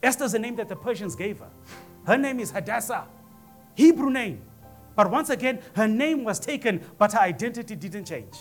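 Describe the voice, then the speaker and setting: High-pitched guy pastor preaching, acting out bits of the story, faint music behind. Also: moderate pace. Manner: animated storytelling preacher, acts out voices in quotes. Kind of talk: sermon. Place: church.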